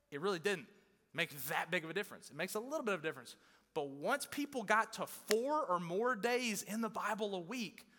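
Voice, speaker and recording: Bright-voiced male pastor preaching in a hall. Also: sits high. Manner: conversational, emphatic, acts out quoted churchgoers. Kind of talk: sermon. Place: church hall. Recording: long hall reverb.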